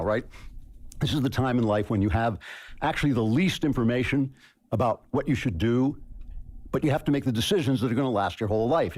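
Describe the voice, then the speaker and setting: A man giving a university speech, joking in a dry, measured way. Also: mid-range voice, a little mellow. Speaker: speaker.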